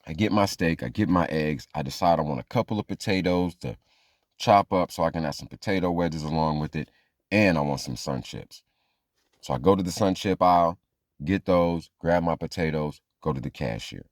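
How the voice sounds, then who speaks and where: A man's voice: low-pitched, moderate pace, no echo, studio quality. A man telling a funny true story as a monologue, acting out the people in it. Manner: animated, acts out quoted voices.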